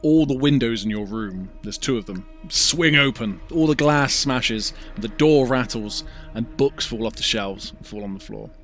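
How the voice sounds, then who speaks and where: A man in the dungeon master's seat, describing a haunted scene in vivid, ominous detail. His voice sits at an ordinary middle pitch. Soft music plays faintly behind him. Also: moderate pace. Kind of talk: narrating a tabletop game.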